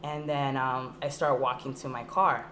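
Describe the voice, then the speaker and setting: Young woman with a low, deep voice, telling a story with heavy swearing over faint hiss. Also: moderate pace. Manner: profane, animated storytelling with acted quotes. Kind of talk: casual chat.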